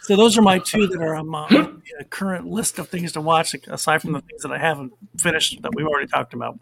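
A man's voice: fairly high pitch, fairly even intonation, quick pace, creaky, a bit bright, a little hiss or hum. A middle-aged man co-hosting a podcast, chatting casually and rambling with fillers. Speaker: podcast co-host. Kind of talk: casual chat.

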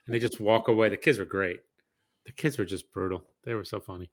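A man's voice: lowish voice, steady tone, quick pace. A man in casual chat about a TV series, tossing in wry, joking asides.

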